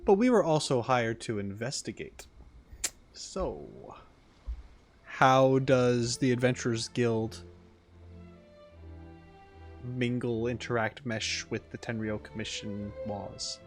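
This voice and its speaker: A man's voice: medium pitch, expressive, slow, pauses often, soft background music. A man commenting casually on a video game as he plays, rambling with frequent restarts. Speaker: gaming streamer. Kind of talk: casual let's-play commentary.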